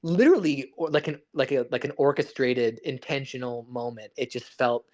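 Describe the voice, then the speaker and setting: With a mid-range, darkish voice at normal speed, a man co-hosts a podcast and gushes about a film. It's casual, profane chat full of restarts and rambling.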